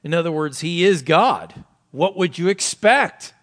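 Higher-voiced male pastor, loud to hushed. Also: lively intonation, measured pace. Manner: swings from loud emphasis to hushed, low asides; asks many rhetorical questions. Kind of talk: sermon.

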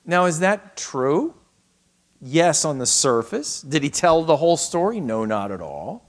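A man preaching a sermon on a scripture passage, acting out the quoted lines and swinging from raised to hushed delivery. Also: a little high, big pitch swings, a little slow. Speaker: pastor. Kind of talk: expository sermon.

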